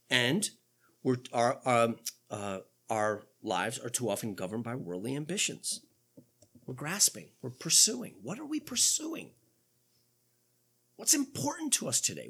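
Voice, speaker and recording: A man's voice: sits high, creaky, a bit bright, husky. A man in his fifties preaching a conversational sermon in a church, putting rhetorical questions to the congregation in an informal way. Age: 50s. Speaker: pastor.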